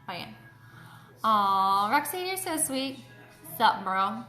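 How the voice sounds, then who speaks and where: A woman's voice: fairly high pitch, big pitch swings, takes it slowly, bright, forceful tone, soft background music. A woman hosting a casual live makeup tutorial from home. She chats away and greets viewers by name. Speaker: beauty host. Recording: roomy echo.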